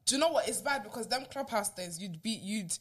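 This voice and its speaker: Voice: medium pitch, animated, fairly quick, fairly bright tone. A co-host in a casual chat, teasing and bursting into laughter.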